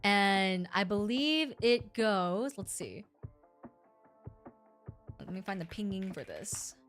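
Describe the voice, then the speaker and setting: A woman streamer casually explaining things to her chat in an animated, rambling way, often correcting herself mid-sentence. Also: mid-range voice, slow, soft background music.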